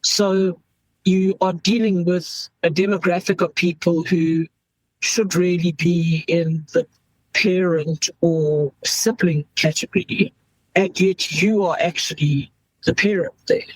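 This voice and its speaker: A woman's voice: lowish voice, steady tone, takes it slowly, no echo, rough recording. A woman in her fifties, an emergency doctor, speaking frankly in an interview and acting out what people say. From South Africa. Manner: frank, acts out quoted voices. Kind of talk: candid interview talk.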